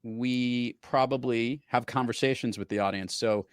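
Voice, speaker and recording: A man's voice: medium pitch, steady tone, moderate pace, smooth, dry recording. Middle-aged male podcast host, storytelling chat, dry close mic. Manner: chatty, storytelling. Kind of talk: casual chat.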